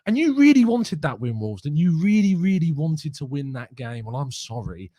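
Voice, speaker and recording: Young guy on a live stream, buzzing and laughing, kinda high voice, dead dry sound. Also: very animated, normal speed, warm tone, dry recording. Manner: giddy, laughing often, mocking rivals. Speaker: fan channel host reading live chat. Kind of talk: excited live stream chat.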